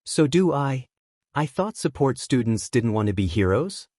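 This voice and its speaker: A man reading a fan story, voicing a tired, determined teenage boy who talks softly and hesitantly. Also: medium pitch, sing-song, normal speed, no echo, clean studio sound. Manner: soft, hesitant, mumbling.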